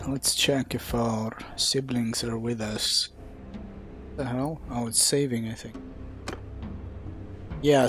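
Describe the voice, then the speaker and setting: A man streaming a video game live, giving casual commentary. He swears freely and laughs at what happens on screen. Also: mid-range voice.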